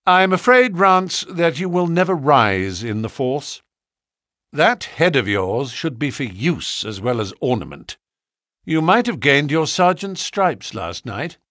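A man voicing a brilliant, impatient Victorian detective with a crisp, commanding manner in an audiobook. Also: on the high side, big pitch swings, measured pace, fairly bright tone, no room sound, studio quality, heavily acted. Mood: brisk. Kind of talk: audiobook character reading.

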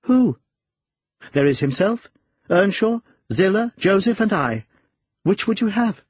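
A man's voice: high voice, expressive, measured pace, husky, no echo, voice pushed up, full character voice. A man voicing a cold, curt young woman. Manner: curt, sharp.

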